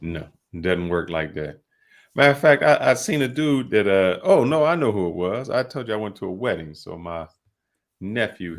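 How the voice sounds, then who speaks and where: A man hosting a casual podcast, telling loose stories with drawn-out fillers and restarts. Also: low-pitched. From United States. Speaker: podcast host.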